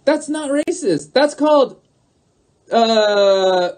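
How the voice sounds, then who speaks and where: He's a livestream host with a high-pitched, expressive, darkish voice and an unhurried delivery. Talking directly to his viewers, he hammers points home, repeats himself, and keeps calling out to them.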